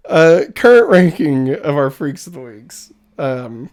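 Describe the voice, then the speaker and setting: A woman's voice: low voice, big pitch swings, slow pace, a little mellow. A woman co-hosting a podcast in casual chat, laughing often as she talks. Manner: giggly, laughs often while talking. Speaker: podcast co-host.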